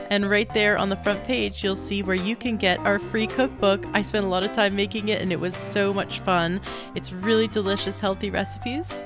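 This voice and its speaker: Upbeat Canadian woman podcast host. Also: medium pitch. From Canada (Toronto). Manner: bubbly, laughs often, enthusiastic. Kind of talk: podcast interview and outro.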